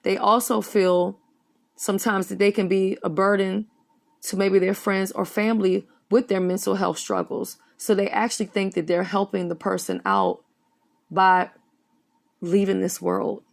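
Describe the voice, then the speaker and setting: A woman's voice: mid-range voice, measured pace, creaky. A woman giving earnest, serious spoken commentary on a news story as an online commentator.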